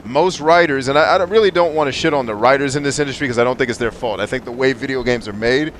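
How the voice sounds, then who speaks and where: A man's voice: medium pitch, fast, a little hiss or hum. Blunt, profane man ranting on stream. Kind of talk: live game stream commentary.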